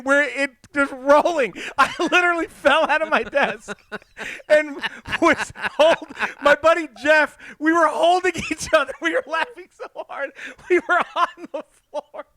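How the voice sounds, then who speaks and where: A man's voice: very high-pitched, unhurried, no echo, studio quality. A man co-hosting a podcast, telling a long funny story with lots of laughter. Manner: animated, laughs through his own story. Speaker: podcast co-host. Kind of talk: casual storytelling chat.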